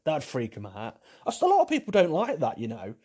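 A man's voice: a little high, huge pitch swings, fairly quick, mellow, breathy edge. Rambling, wry podcaster man. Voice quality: rambling, repeats himself, wry self-mocking humour. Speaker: podcast host. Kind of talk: casual solo chat answering listener questions.

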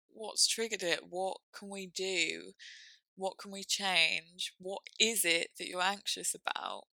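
A young woman speaking candidly and reflectively about a personal experience, halting now and then with fillers. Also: on the low side, creaky, sharp tone, no echo, low-quality recording.

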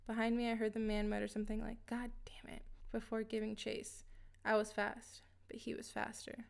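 A woman reading a scripted first-person story in a steady, even way. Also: on the high side, fairly quick, gravelly. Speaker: narrator.

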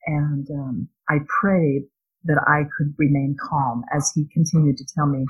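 A middle-aged woman speaks in a low, slightly husky voice. She gives an earnest, gentle devotional talk, unhurried and sincere, with small restarts along the way. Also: level tone, lo-fi sound. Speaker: speaker sharing a faith-based parenting talk.

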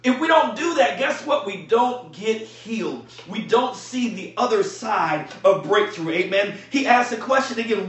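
Fervent high-voiced preacher in an echoey room. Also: male voice, big pitch swings, moderate pace, few pauses, far from the mic. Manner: fervent preaching, rising to shouts. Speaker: pastor. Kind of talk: sermon.

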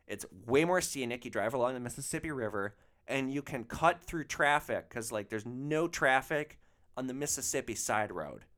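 A man's voice: medium pitch, a bit bright. A man who drove rideshare, hosting a podcast and telling a comic story in a profane, exasperated way. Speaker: rideshare driver, podcast host.

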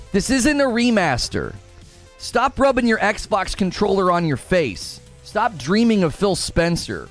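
A man streaming live, lecturing his chat with exasperated sarcasm. His voice sits on the high side and swings widely up and down as he rants. Faint music plays behind him. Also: very animated, unhurried. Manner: mock voices of chatters. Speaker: livestream host.

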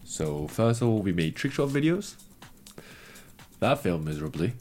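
A young man co-hosting a casual podcast from home, joking about himself and pausing often with "um". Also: lowish voice, big pitch swings, darkish tone, faint music behind. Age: young adult. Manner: self-mocking, hesitant with many ums. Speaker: podcast co-host. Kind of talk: casual chat. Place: bedroom hung with blankets.

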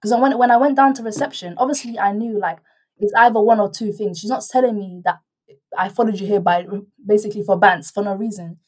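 A young woman, telling a story in casual chat as a guest, animated and rambling, with many restarts and quoted dialogue. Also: mid-range voice, fast talker.

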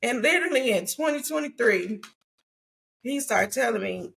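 A woman, hosting a casual faith talk. Her voice sits high and has a gravelly edge. She tells stories animatedly and laughs often. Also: animated, normal speed, fairly bright tone. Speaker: podcast host.

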